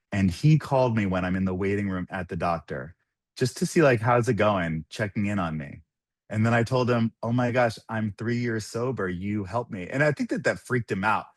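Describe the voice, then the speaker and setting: Animated man telling stories, dry sound. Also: lowish voice, dry recording. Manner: animated, laughing often, quoting others. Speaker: podcast guest. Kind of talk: casual storytelling.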